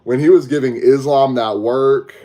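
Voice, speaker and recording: A man's voice: mid-range voice, steady tone, moderate pace, mellow. A young man from Texas with a Southern accent, hosting a podcast livestream and chatting casually with viewers through a headset mic. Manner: laid-back, slangy, talks to chat. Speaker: podcast host.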